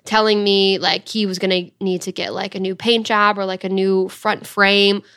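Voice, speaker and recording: A woman's voice: medium pitch, flat delivery, a bit bright, smooth. A young woman telling a story in a casual, chatty way, with lots of "like". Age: young adult. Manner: chatty, fast, full of "like". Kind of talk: casual chat.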